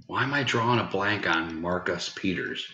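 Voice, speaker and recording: Man, live streamer, casual chat, jokey, laughs a lot, lowish voice, roomy echo. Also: moderate pace, pushed and bright. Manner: joking, laughs often. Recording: roomy, dull lo-fi sound.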